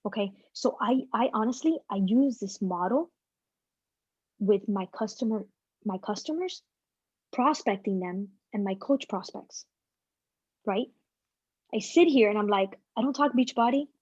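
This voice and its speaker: A woman guest speaker giving a casual, energetic motivational talk to a team over a video call, with plenty of slang. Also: medium pitch, measured pace, long pauses, slightly rough, no room sound, highs cut off.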